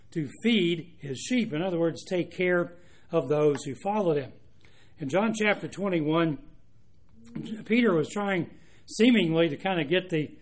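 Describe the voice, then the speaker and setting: A man preaching a sermon, earnest and unhurried, with frequent restarts and fillers. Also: a little high.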